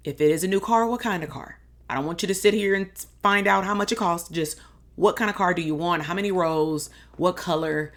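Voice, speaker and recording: Low-pitched woman in her thirties, a podcast host and coach giving upbeat, casual, encouraging talk. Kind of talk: motivational podcast monologue.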